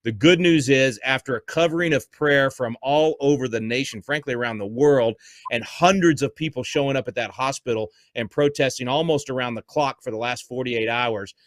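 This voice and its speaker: A homeschool advocate appears as a guest on a podcast interview, speaking fervently and emotionally and stumbling over his words when upset. His voice is medium-pitched, at a normal speed, with no echo.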